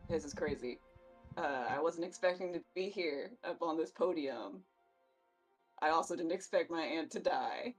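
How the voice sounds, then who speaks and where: A woman's voice: low-pitched, normal speed, husky, soft background music. A woman voicing an awkward young male wizard mourner who talks in a rambling, unsure way.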